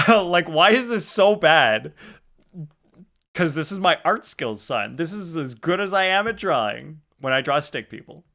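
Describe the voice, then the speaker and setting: A man's voice: fairly high pitch, sing-song, unhurried, creaky, bright, forceful tone. A young man streaming live, reading chat aloud and joking about his drawings with crude humor and frequent laughter.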